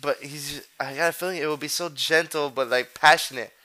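A man's voice: on the high side, steady tone, fairly quick, bright, forceful tone. A man hosting a podcast, talking in loose, profane street slang and rambling from one thought to the next. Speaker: podcast host. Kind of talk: casual chat.

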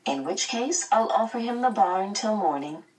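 A woman voicing a calm, brisk scientist mother who speaks lightly and reassuringly. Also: medium pitch, recorded from a distance, voice pushed up, lightly acted.

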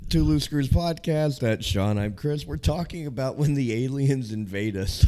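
Raspy-voiced man with a lisp and a cold. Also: medium pitch, normal speed, background noise. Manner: laughs often, animated and joking. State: has a cold. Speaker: podcast co-host. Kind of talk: casual chat.

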